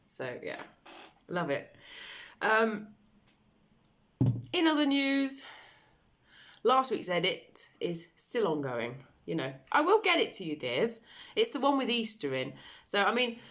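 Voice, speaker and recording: A woman's voice: medium pitch, very animated, measured pace, pauses often, a bit bright. An English woman chatting casually in a vlog, affectionate and bubbly, often laughing as she talks. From England. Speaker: vlogger.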